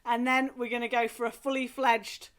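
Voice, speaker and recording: A woman leading a remote singing lesson from home, talking in a gentle, encouraging, chatty way with playful asides. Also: on the high side, little pitch movement, moderate pace. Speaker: singing group leader. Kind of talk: friendly remote group singing and movement lesson.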